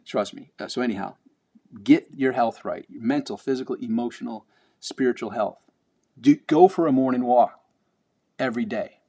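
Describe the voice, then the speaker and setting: A man's voice: medium pitch, moderate pace, mellow. A man vlogging a motivational talk, blunt and emphatic, swearing casually and repeating words as he builds up.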